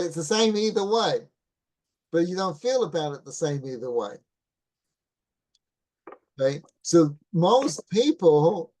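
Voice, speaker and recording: Mellow-voiced man teaching a Torah class. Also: on the high side. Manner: keeps checking in with listeners, asking "right?"; relaxed anecdotal teaching with restarts. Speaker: rabbi.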